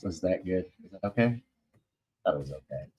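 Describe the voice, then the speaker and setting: A man's voice: sits low, expressive, normal speed, breathy edge, lo-fi sound. A man hosting a comics talk stream in casual chat, rambling, loose and slangy, with many fillers.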